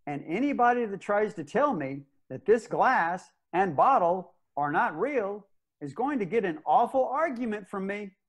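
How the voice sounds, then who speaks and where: A man's voice: sits high, big pitch swings, a little slow, heavily acted. An actor playing a stubborn old space ranger who narrates his own story in an audio drama, blunt and plainspoken. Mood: defiant. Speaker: narrator and lead character.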